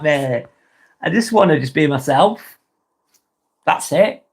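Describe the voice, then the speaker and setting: A man's voice: on the high side, animated, slow pace, gravelly, husky. A British man hosting a live vlog, chatting casually and reading out viewer comments, rambling onto tangents and swearing freely. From Britain.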